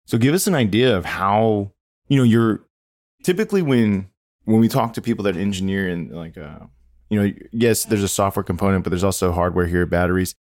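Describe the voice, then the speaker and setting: A man's voice: lowish voice, a little fast, a little mellow, dry recording. A man hosting a podcast interview, asking long, rambling questions that he rephrases as he goes. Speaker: podcast host.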